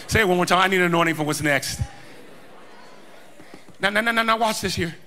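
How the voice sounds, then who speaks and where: A man preaching a sermon in a church, shouting and stretching out key words. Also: high voice, a little fast, a little hiss or hum. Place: church sanctuary. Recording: long hall reverb, music behind.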